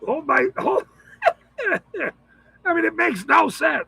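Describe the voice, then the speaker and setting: A man with a very gravelly, strikingly high voice rants in loose, profane commentary. His tone is cutting and sharp, and the recording is dry and close. He shouts often and breaks into laughter between thoughts. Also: animated, slow, no echo, poor audio.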